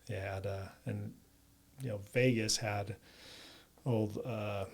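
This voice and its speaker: A man's voice: on the low side, fairly even intonation, slow pace, vocal fry, husky. A man from Southern Utah, a guest on a podcast, chatting casually and reminiscing. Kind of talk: casual chat.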